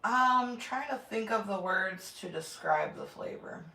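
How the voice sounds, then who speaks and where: Creaky yet bright and forceful, her mid-range voice is animated and moves at a measured pace. She's a middle-aged woman hosting a homestead channel's casual kitchen livestream, chatting bluntly, swearing, and greeting viewers by name. Echo from the room, a distant mic, and faint noise are audible.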